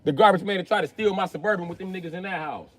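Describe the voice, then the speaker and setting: A man streaming live, telling a heated story in a loud, profane rant that breaks into shouting. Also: sits high, very fast. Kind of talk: ranting storytime.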